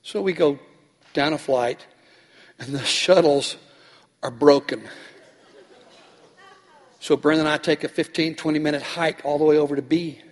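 A man's voice: a little high, steady tone, moderate pace, pauses often. A man preaching as pastor, telling a story animatedly and acting out the people in it. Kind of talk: sermon storytelling. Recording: long hall reverb.

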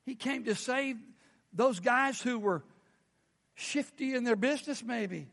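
A man's voice: very high voice, a little slow, gravelly, fairly bright tone, long reverb tail. A man preaching a sermon as a pastor, often asking his congregation questions.

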